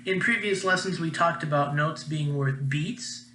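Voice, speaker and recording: A man's voice: a little high, a little slow, sharp tone, echoey room, rough recording. A young man, a music teacher, giving a patient, encouraging recorded class lesson.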